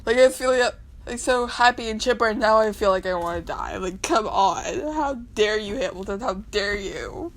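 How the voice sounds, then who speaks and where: A woman casually reading comics aloud, animated and given to dramatic, mock-outraged outbursts. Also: medium pitch, moderate pace, rough recording. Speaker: comic dub reader.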